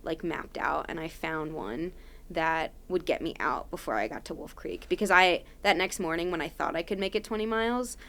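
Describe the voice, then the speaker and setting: A woman's voice: sits low, moderate pace, a bit bright. A young adult woman, a podcast guest, telling a story casually and animatedly with lots of "like" fillers.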